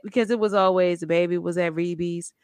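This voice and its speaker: A woman with a fairly low voice talks through a documentary with her co-host in a loose, chatty way. She acts out quotes with lively jumps in tone. The sound is dry and close. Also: a little fast, clean tone, no echo. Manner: animated storytelling with acted-out quotes. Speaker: podcast co-host. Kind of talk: casual chat about a documentary.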